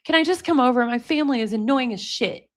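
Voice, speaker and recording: A woman's voice: high-pitched, fast, close to an everyday voice. A woman reading as an upset teenage girlfriend. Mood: indignant. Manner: read aloud with little acting.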